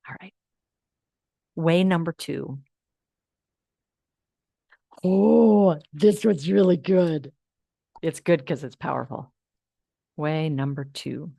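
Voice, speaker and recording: A woman hosting a live online class, guiding listeners through affirmations in a coaching manner that moves between hushed and lively. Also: low-pitched, slow pace, creaky, pauses often, no room sound, studio quality. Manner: warm coaching, swings from hushed to animated. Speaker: host of an uplift program.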